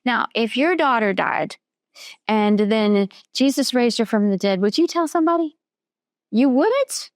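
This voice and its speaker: A woman teaching children a Bible story, asking them questions and slowing down on key words. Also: on the high side, animated, dry recording, studio quality. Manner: patient, questioning, slows down for emphasis.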